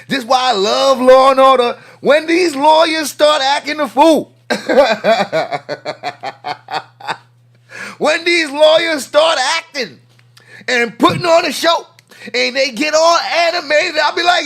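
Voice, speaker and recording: A man hosting a live stream, reacting with laughter, slang and shouted exclamations. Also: extremely high pitch, lively intonation, slow.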